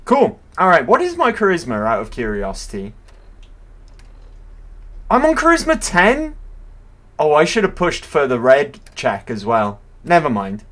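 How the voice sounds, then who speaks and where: A man's voice: a little high, huge pitch swings, unhurried, long pauses, fairly bright tone. A man casually commentating his own gameplay, chatty and playful, often correcting himself. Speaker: game streamer. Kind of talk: casual let's-play commentary.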